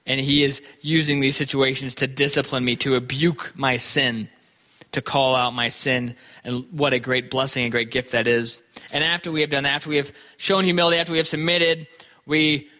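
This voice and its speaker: A man's voice: medium pitch, steady tone, a little fast, pushed and bright. A man preaching a sermon in an earnest, thinking-aloud way, often repeating words as he goes. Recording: long hall reverb.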